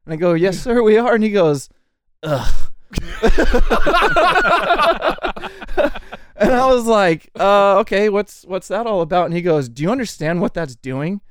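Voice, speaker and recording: A man co-hosting a podcast, telling a story in a casual, animated way, laughing often and saying "dude" a lot. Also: high voice, fairly quick, hardly any pauses, clean tone, no room sound. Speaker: podcast co-host.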